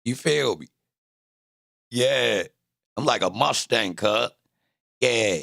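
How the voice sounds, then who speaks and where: A man's voice: mid-range voice, expressive, slow, vocal fry, fairly bright tone, no echo, studio quality. A young man from Baltimore with a Baltimore accent, talking casually to his livestream chat, boasting and trash-talking. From Baltimore, Maryland. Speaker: livestream host.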